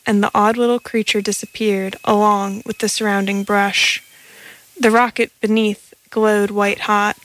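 A woman's voice: mid-range voice, fairly bright tone, slight background noise, poor audio. A woman reading a science fiction story aloud in a plain way, with occasional stumbles. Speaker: narrator.

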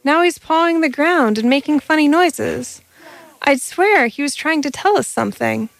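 A woman's voice: high voice, animated, moderate pace, gravelly, no echo, pitched above the performer's own voice. A woman voicing a cautious, conscientious male alien hunter who protests anxiously. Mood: worried.

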